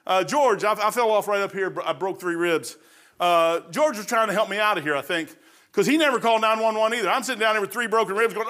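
A man's voice: high-pitched, sharp tone. A man preaching a folksy sermon, rambling through stories and laughing at his own jokes.

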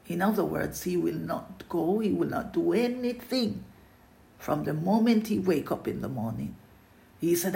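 A preacher giving an earnest sermon, repeating phrases for emphasis and often dropping to a hushed, intimate tone. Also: mid-range voice, measured pace, creaky, echoey room.

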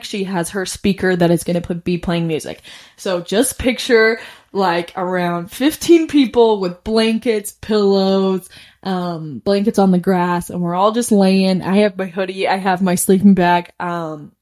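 A woman's voice: on the low side, darkish tone. A woman telling a personal story in a casual, chatty way, filling her sentences with "like" and laughing often. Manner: chatty, heavy use of "like". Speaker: podcast host.

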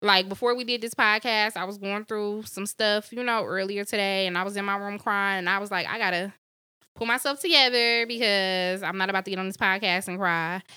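Young woman, podcast co-host, bright voice, dry close sound, candid storyteller. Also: mid-range voice, fairly quick, clean tone, no room sound. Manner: candid, animated storytelling with acted-out quotes. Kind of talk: casual podcast chat.

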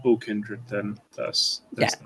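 A man's voice: lowish voice, flat delivery, slow pace, gravelly, a bit bright, breathy edge. A man playing a tabletop game, speaking hesitantly. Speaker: player. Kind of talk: tabletop role-play.

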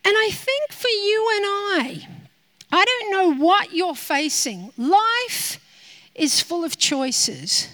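Predicatrice donna dalla voce acuta e brillante. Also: female voice, extremely high pitch, slow. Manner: animated, acts out her prayers to God. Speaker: pastor. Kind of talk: sermon.

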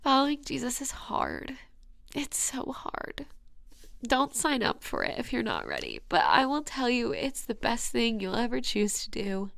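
A woman's voice: fairly high pitch, huge pitch swings, moderate pace, vocal fry, few pauses, fairly bright tone, no room sound, clean studio sound. A young woman hosting a personal faith podcast, earnest and emotional, often dropping to a whisper. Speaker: podcast host.

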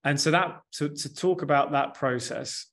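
A man's voice: fairly high pitch, normal speed, a bit bright. A man in his thirties, a therapist or coach, speaking candidly and reflectively in a conversational interview, often saying "like" and "you know".

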